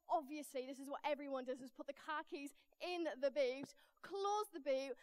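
Animated high-voiced woman preaching. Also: dry recording. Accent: Northern English. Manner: animated, acts out voices in anecdotes. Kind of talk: lively storytelling sermon. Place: church.

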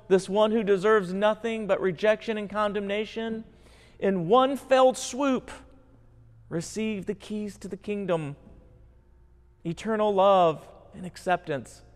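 A male pastor preaching a sermon in an earnest, emphatic way. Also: sits high. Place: church sanctuary. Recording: long church hall reverb.

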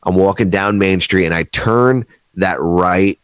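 A man's voice: sits low, a little slow, clean tone, no echo. A young man, telling rowdy stories with lots of swearing in a casual chat. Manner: animated storyteller, swears a lot, acts out quotes loudly. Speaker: podcast guest.

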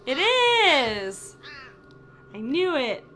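A woman streaming games in casual chat, excitable and exclaiming often, on a desk microphone. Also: high-pitched, very slow, soft background music. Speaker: game streamer. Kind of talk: casual gaming livestream chat.

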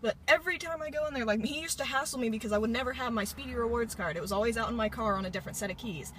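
A late-teen woman from Indiana vlogs from a parked car, phone held at arm's length, rambling bubbly and casual with plenty of filler words. Her pitch is fairly high, her delivery rapid-fire, and her tone fairly bright, with a little hiss or hum underneath.

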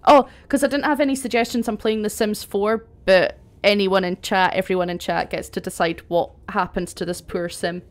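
A woman's voice: medium pitch, steady tone, normal speed, hardly any pauses. A young woman chatting casually while streaming a game, laughing often and swearing now and then. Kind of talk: casual chat while gaming.

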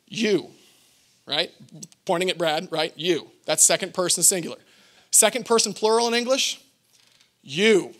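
Brief: high-pitched Texan-born male pastor, light and humorous in the pulpit. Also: a little slow, long pauses. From Texas. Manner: playful, lively teaching with jokes. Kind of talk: sermon.

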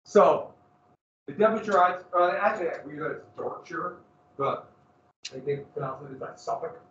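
A man's voice: a little high, expressive, normal speed, a bit bright. A man teaching a history class, telling the story with energy and asking his students questions. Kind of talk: classroom lecture. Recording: roomy, distant, dull classroom recording.

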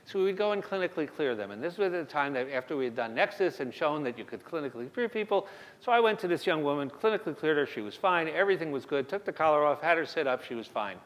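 Middle-aged guy giving a talk, kinda high voice, chatty, restarts a lot, echoey hall. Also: lively intonation, fast talker. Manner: conversational, self-deprecating, frequent restarts. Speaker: emergency medicine lecturer. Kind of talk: conference lecture with storytelling. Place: lecture hall. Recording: long reverb of a lecture hall.

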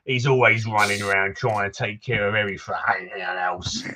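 Guy putting on a cursing grumpy villager, bright edgy voice, accent keeps drifting. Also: lowish voice, normal speed, slight background noise. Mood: grumbling. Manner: curses constantly, drifting between accents. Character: gruff swearing male townsman. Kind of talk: reading game dialogue aloud.

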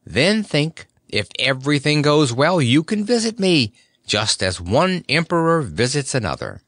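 A man's voice: on the high side, big pitch swings, measured pace, fairly bright tone, dry recording, studio quality, voice pushed up, exaggerated voice. A man doing the cheerful Scarecrow. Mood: fond. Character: jolly straw-stuffed male Scarecrow, fond and cheerful.

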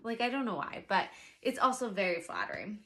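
A woman's voice: medium pitch, brisk. Chatty young pregnant woman vlogging. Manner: chatty, animated, exasperated asides. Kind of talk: casual chat to camera.

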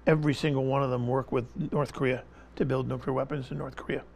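A man's voice: medium pitch, level tone, fast, gravelly. A man speaking as an interview guest, giving impassioned political commentary in an emphatic style, pressing the same point again and again and talking over interruptions.

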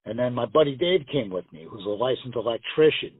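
Over a tinny, dry phone connection, a male pro wrestler guest speaks briskly in an expressive, medium-pitched voice with a breathy edge. His interview stories ramble, swear freely, and are full of quotes he acts out.

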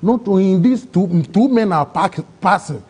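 A man with a Ghanaian English accent, telling his own story in an interview, excitable and acting out other people's words. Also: sits high, normal speed, breathy edge. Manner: excitable, acts out quoted voices, broken phrasing. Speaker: interview guest. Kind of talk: emotional personal storytelling.

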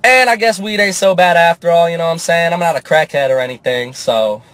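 A young man telling a comic story in a casual, profane, animated way, often switching into character voices. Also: fairly high pitch, fairly quick. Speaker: comedian.

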